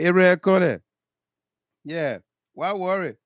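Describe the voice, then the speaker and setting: A man's voice: high-pitched, lively intonation, slow, dry recording, clean studio sound. A man hosting a radio talk show, delivering a mocking political monologue and repeating his questions.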